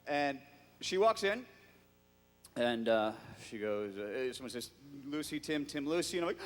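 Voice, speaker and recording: A man's voice: mid-range voice, sing-song, measured pace, in a large hall. A man, a guest actor on a convention stage, telling a comic anecdote to a live audience and acting out the quotes in whiny voices.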